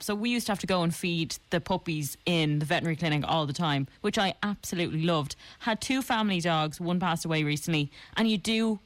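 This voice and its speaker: An Irish woman co-hosting a radio show in a lowish voice. She talks in a lively, protesting way, and the sound is close and dry. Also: no room sound. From Ireland. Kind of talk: casual radio chat.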